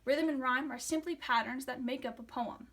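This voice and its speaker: A woman's voice: sits high, normal speed, a bit bright. A young woman student giving a class presentation on a poem, reading a script aloud with some fillers and restarts. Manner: reads from a script, with fillers and restarts when explaining.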